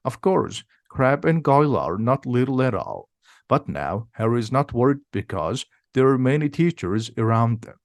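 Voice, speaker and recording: Reading from a simplified storybook, this male audiobook narrator keeps a steady, moderate pace and clear diction in a middle-pitched voice. The recording is close and dry, with no room sound.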